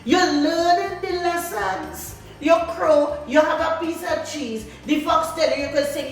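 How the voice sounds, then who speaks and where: A woman telling folk tales to an audience, lively and full of call-and-response asides. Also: very high voice, unhurried, few pauses. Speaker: storyteller. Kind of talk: oral folk storytelling to an audience. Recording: echoey hall, distant mic, faint music.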